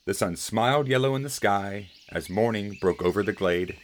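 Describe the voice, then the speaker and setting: A man reading a rhyming children's picture book aloud in a gentle way. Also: on the low side, moderate pace, slight background noise. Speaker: storyteller.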